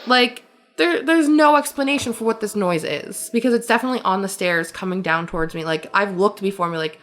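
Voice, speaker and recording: A woman co-hosting a podcast, telling stories in a casual, animated way with frequent laughter and lots of fillers. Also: mid-range voice, fairly quick. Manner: animated storyteller, laughs often, many fillers. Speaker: podcast co-host. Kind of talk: casual chat.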